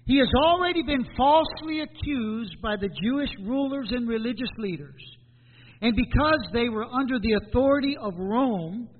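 A high-pitched male pastor preaching in a church, pausing for effect and asking the same question over and over. His voice comes through tinny and thin, with a long echo of the hall behind it and a faint hiss. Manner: preaching with dramatic pauses and repeated questions. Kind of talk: sermon. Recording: tinny phone-like sound in a hall.

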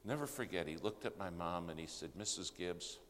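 An older preacher with a very deep voice tells a story from the pulpit, swinging from loud, dramatic lines to hushed ones. His voice rings through a large hall with a long reverb over a faint ambient hum. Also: animated, a little fast. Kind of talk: sermon storytelling.

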